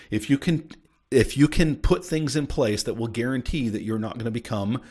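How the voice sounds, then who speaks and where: A middle-aged American man at a mid pitch hosts a casual advice podcast. He talks in a punchy, emphatic way and asks "okay?" again and again to check that listeners follow. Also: a little mellow. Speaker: podcast host and appraisal coach.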